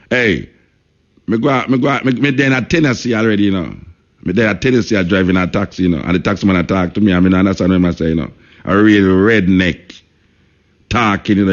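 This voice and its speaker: A man's voice: on the low side, dull audio. A man with a Jamaican accent hosting a radio talk show, speaking emphatically, repeating points and saying "you know" often.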